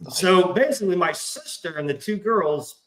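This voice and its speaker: With crowd noise behind him, a man whose voice sits high talks at normal speed, rambling through profane stories in casual chat. He brings the people he quotes to life with animated voices, recorded on a remote stream call mic with roomy echo.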